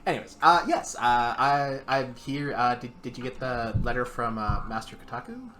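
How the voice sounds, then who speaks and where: Halting man voicing his tabletop character. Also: medium pitch, lively intonation, bright, forceful tone, soft background music. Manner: hesitant, full of fillers and restarts. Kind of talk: in-character tabletop role-play.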